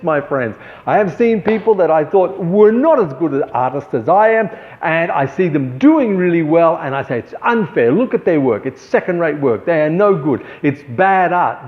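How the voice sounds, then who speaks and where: Earnest preachy man in echoing gallery. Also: on the high side. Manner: earnest, preachy, repeats points for emphasis. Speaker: artist and show host. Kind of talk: motivational talk to artists. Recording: dull sound with long hall reverb.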